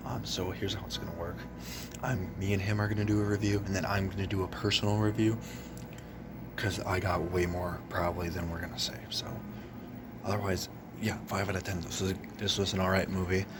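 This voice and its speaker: A man's voice: sits low, background noise. A young man chatting casually in a vlog, loose and rambling, with plenty of fillers and cursing. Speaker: vlogger reviewing a film. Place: cinema lobby, then a car.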